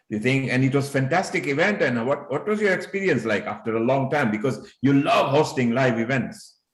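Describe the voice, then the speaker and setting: A man hosting a live online show over a video call, greeting and praising his guests with effusive compliments. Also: mid-range voice. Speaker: host. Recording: echoey room on video call.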